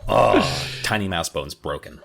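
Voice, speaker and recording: Animated low-voiced man reading aloud. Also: measured pace, gravelly, breathy edge. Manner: animated, jokey. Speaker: podcast co-host. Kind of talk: casual chat and reading a book aloud.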